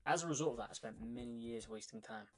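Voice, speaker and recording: A young man tells his own story to the camera, punchy and emphatic, leaning on repeated lines. He sounds a little out of breath, and his voice sits at an ordinary middle pitch for a man. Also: quick pace, vocal fry. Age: young adult. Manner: energetic and emphatic, repeats phrases for effect. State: slightly out of breath. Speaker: vlogger. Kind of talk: casual storytelling monologue.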